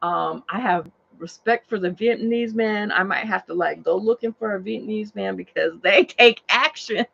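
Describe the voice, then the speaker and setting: A woman's voice: mid-range voice, moderate pace, vocal fry, few pauses, husky. A woman and rideshare driver, animatedly telling a story from her car, says "like" and "oh my God" constantly. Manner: excitable, says "like" and "oh my God" a lot. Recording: dull lo-fi sound.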